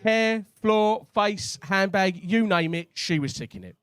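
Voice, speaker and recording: A stand-up comedian works a comedy club crowd. He is chatty and cheeky, with a fairly high voice for a man, speaking into a stage mic. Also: measured pace, fairly bright tone, smooth.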